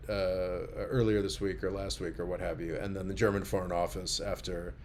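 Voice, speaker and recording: A tired man hosting a casual livestream and reading viewer comments aloud, rambling and halting with many fillers, sardonic and laughing at his own jokes. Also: lowish voice. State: tired and low. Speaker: livestream host reading super chats.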